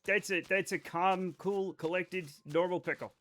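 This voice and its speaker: This game streamer's voice is high, slightly bright, and steady, delivered at a measured pace. He chats informally with viewers, wandering off track, breaking into his own sentences, and cursing now and then.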